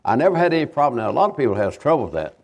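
An older man, a visiting evangelist giving a homespun sermon testimony, halting and repeating himself as he tells his stories. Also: medium pitch, very animated, darkish tone, slight background noise. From Kentucky, USA. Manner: halting, repetitive, homespun storytelling.

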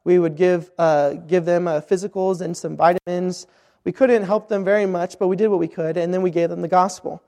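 A man's voice: high voice, fairly even intonation, a little fast, creaky, dark tone. A man preaching a missionary sermon, earnest and repetitive, often restarting his sentences. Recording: long hall reverb.

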